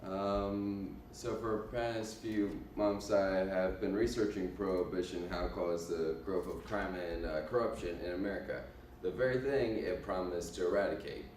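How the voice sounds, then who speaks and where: A man introducing his class project, talking haltingly and in a self-mocking way, with many fillers. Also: deep voice, fairly even intonation, a little mellow, a little hiss or hum. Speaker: student presenter. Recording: echoey room from far off.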